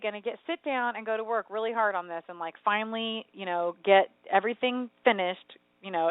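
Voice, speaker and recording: A woman's voice: on the low side, dry recording. Chatty woman on a tinny radio line. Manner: chatty, rambling, animated storytelling. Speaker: radio show co-host. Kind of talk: casual chat. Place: home. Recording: tinny phone-like radio sound, dry.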